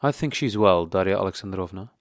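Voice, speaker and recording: A man reading the part of a cold, formal, wounded husband in an audiobook, in a measured tone. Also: low-pitched, no room sound, studio quality. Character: cold, stiff, wounded middle-aged husband.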